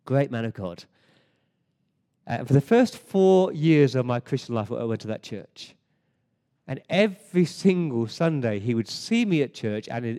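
A man's voice: mid-range voice, dark tone, big-room sound. An English man preaching a sermon in a church, emphatic, with rhetorical questions and frequent word repeats. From England. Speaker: pastor. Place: church service.

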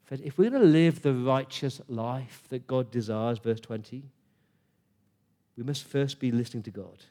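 Mellow-voiced man preaching a sermon. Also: mid-range voice. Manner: earnest, conversational preaching with pauses and restarts.

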